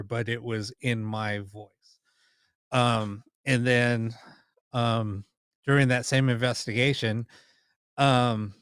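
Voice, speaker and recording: A man's voice: medium pitch, fairly bright tone, no room sound, clean studio sound. A man hosting a paranormal live stream, telling stories casually with lots of ums, restarts and the odd curse word. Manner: rambling, many ums and restarts, mild swearing.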